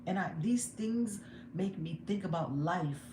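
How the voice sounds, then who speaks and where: A young woman vlogger vents to her viewers in a casual livestream from a room at home, candid and emotional, laughing now and then. Her voice is lowish and animated, at a measured pace. The room is echoey, with background noise.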